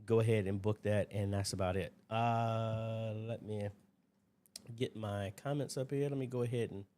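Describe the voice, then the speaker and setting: A man's voice: on the low side, steady tone, moderate pace, mellow. A man hosting a casual livestream Q&A from his desk, rambling and chatty as he greets viewers by name. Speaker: livestream host. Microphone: desk mic at a computer.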